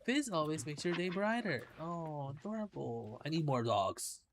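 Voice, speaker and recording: A man's voice: on the high side, animated, normal speed, slight background noise. A man streaming a game, chatting casually in a rambling way and swearing now and then. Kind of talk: casual gameplay chat.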